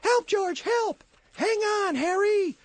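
A shrill, excited young boy in a radio play parody, acted by a man. His voice sits far above normal and the lines come quick and bold. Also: dry recording. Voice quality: high, shrill. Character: excited twelve-year-old boy.

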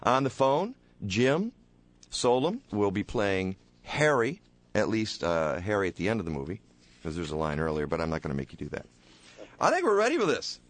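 A man hosting a radio talk show, hoarse and playful, joking with his co-host and callers in the studio. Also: fairly low pitch, huge pitch swings, normal speed. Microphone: studio microphone.

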